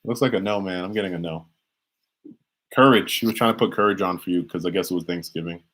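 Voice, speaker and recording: Talking fast in a deep voice with a fairly bright tone, a man rambles through a live-streamed tarot reading, restarting and repeating lines. The recording quality is rough.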